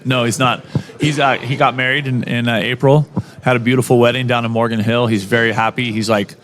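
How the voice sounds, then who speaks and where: A man's voice: medium pitch, fairly even intonation, fairly bright tone, slight background noise. A middle-aged man, a college football head coach, talking upbeat as a radio interview guest, often restarting his sentences. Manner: upbeat, talks in quick bursts with many restarts.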